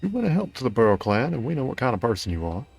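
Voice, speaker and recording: A man's voice: medium pitch, sing-song, very fast, vocal fry, a little mellow, husky, full character voice. A man voicing an earnest, grateful male clan member from a video game, reading the lines in a put-on drawl that slides between cowboy and Australian. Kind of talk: reading game dialogue aloud.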